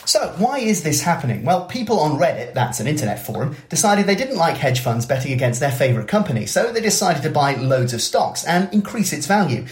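A man's voice: fairly high pitch, brisk, hardly any pauses, slight background noise. A man, a reporter, doing a jokey scripted explainer sketch from a bathtub. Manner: jokey, lively explanatory delivery. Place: bathroom, in a bath. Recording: echoey bathroom.

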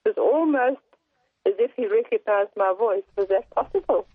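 A woman's voice: medium pitch, moderate pace, breathy edge, no echo. Hesitant woman caller on a phone line. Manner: hesitant, many fillers. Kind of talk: telling a personal story to a radio show.

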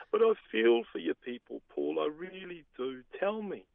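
A New Zealand radio broadcaster with a New Zealand accent, talking in a gushing, theatrical way full of exclamations. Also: male voice, high voice, very animated, unhurried, gravelly, dry recording, phone-quality sound. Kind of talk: comedic radio prank call.

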